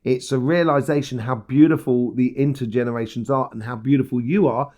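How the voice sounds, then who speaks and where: A man's voice: mid-range voice, fairly even intonation, brisk, a little mellow. A man giving a casual weekly tarot reading, talking straight to the listener in a meandering, encouraging way, full of fillers and restarts. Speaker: tarot reader.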